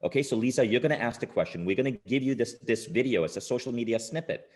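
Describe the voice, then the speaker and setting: A man's voice: mid-range voice, animated, fast talker, a little mellow. A man hosting a live online interview, enthusiastic and hesitant, with many fillers. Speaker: host.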